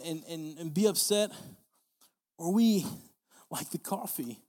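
A man's voice: sits high, darkish tone, big-room sound. A young man preaching a sermon, earnest and repetitive, often restarting his phrases. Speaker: pastor.

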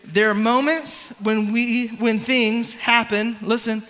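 A man preaching a lively youth sermon, coaching a volunteer through swimming moves and calling on the crowd. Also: extremely high pitch, slow, in a large hall. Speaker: youth pastor.

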